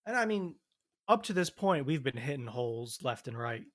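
A man's voice: mid-range voice, sing-song, normal speed. A man in casual chat, recounting events in a laid-back, step-by-step way.

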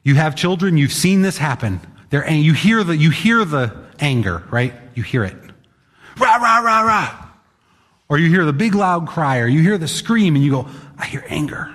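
A male pastor delivers a sermon with a slightly high voice, shifting between quiet asides and sudden emphatic punches. He talks plainly to the congregation. The sound carries a long reverb from a large hall. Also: big pitch swings, normal speed, few pauses. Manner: emphatic, conversational, acts out quotes.

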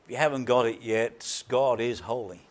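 A pastor delivering a sermon, preaching emphatically with deliberate repetition and dramatic drops to a quiet voice. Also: male voice, mid-range voice.

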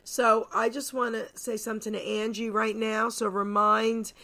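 An older woman with a New Jersey accent hosting a radio interview, chatty and animated, laughing often. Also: a little high, moderate pace. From New York. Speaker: radio host.

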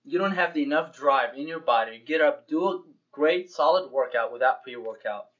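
Young male podcast co-host, slightly high voice, animated storyteller who acts out dialogue, swears freely, dull lo-fi audio. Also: moderate pace. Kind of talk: casual podcast chat.

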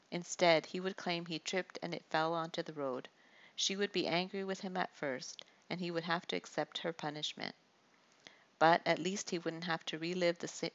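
A woman reads a story aloud in steady audiobook style. Her voice is low and gravelly, with noticeable fry. The recording sounds dull and lo-fi. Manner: steady storytelling with small slips. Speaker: narrator. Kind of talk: audiobook narration.

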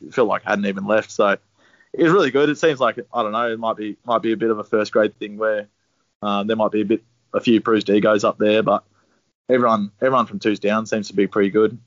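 A young Australian man telling a rambling sports story in a relaxed, swear-laden way. His voice sits fairly low. The recording is dry and a little dull, with no room sound at all. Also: dry recording. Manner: laid-back, swears freely, laughs while telling stories. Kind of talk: casual storytelling.

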